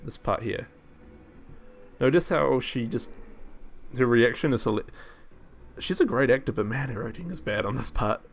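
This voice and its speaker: A man's voice: medium pitch, lively intonation, moderate pace, long pauses. A man streaming, rambling through casual film commentary, laughing often and mocking what he watches.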